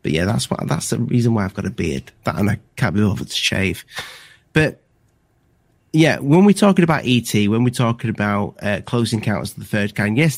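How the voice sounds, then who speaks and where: A man's voice: fairly low pitch, dry recording. A man co-hosting a casual livestream chat, rambling and restarting his sentences often. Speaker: livestream co-host.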